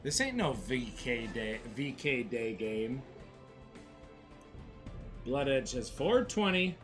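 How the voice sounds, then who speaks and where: A man co-hosting a slot stream, chatting casually with rowdy, profane excitement and hyping up the chat. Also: mid-range voice, takes it slowly, faint music behind.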